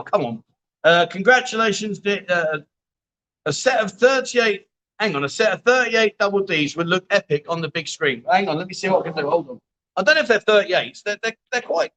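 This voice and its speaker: A man's voice: sits high, pushed and bright, low-quality recording. A man hosting a casual livestream, reading out viewer comments with blunt, jokey banter and the odd swear word. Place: bar venue.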